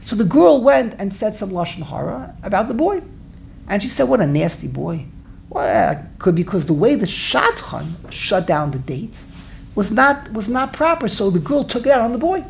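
Animated woman telling a lesson story. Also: a little high, moderate pace, gravelly, a little hiss or hum. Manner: animated, repeats herself, laughs while telling. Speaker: teacher leading a study class.

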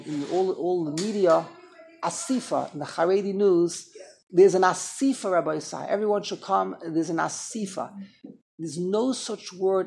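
A man's voice: high-pitched, gravelly, breathy edge. A man teaching an informal Torah class, chatty and digressive, making fun of himself. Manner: digressive, chatty, self-deprecating.

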